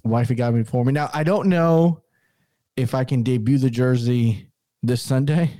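A man in his thirties co-hosting a casual sports podcast, upbeat and rambling, quick to laugh. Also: medium pitch, warm tone, no echo. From Hispanic background. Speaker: podcast co-host.

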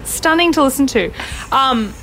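A woman's voice: high voice, animated, normal speed, a bit bright, a little hiss or hum, rough recording. Bubbly Australian woman podcast co-host. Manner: chatty, bubbly, full of "like". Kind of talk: casual chat.

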